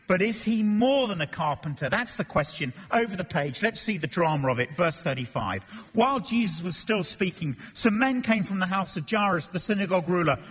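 A man preaching an expository sermon, animated, acting out voices and joking between readings. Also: high-pitched, a little fast, few pauses, husky. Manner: animated, acts out Bible voices and jokes. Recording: long reverb of a church hall.

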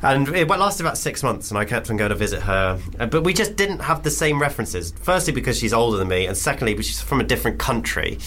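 A man's voice: mid-range voice, big pitch swings, quick pace, hardly any pauses, a bit bright. A man from England in his thirties, a comedian co-hosting a casual chat, telling stories wryly. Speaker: comedian and podcast co-host.

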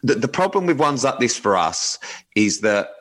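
A man's voice: mid-range voice, sing-song, moderate pace, fairly bright tone. A man co-hosting a casual advice chat, rambling and swearing freely, often restarting his sentences. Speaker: podcast co-host.

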